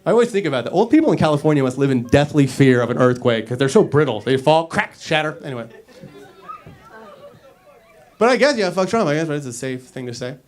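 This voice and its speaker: A man doing a stand-up comedy set on a club stage into a handheld mic, brash and profane, swinging between loud bursts and mumbled asides. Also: a little high, sing-song, rapid-fire, few pauses.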